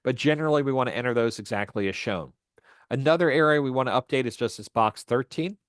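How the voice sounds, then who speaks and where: A man teaching volunteer tax preparers, walking through a form step by step in a steady explanatory way with frequent fillers. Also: mid-range voice, fast, smooth, no room sound, clean studio sound. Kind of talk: instructional walkthrough.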